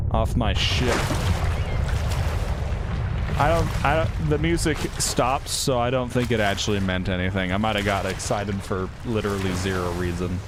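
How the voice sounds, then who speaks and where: A man's voice: fairly low pitch, noisy background. A man streaming a game, chatting casually, swearing freely and thinking aloud as he plays. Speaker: gaming streamer. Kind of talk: casual live-stream commentary. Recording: loud game audio under the voice. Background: loud sea and ship sounds from the game.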